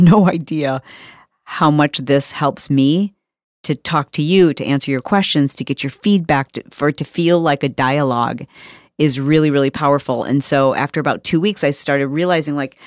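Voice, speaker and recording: A woman's voice: low voice, no room sound, studio quality. A woman hosting her own podcast, talking frankly and emphatically in a conversational monologue. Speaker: podcast host.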